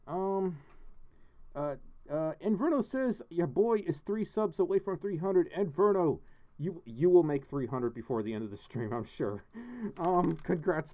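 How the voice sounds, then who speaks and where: A man chats casually on a livestream from his home studio. His voice sits a little high and swings around a lot, and he giggles as he reads chat messages and thanks donors. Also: warm tone. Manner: chatty, giggly, reading donations and chat aloud. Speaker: livestream host.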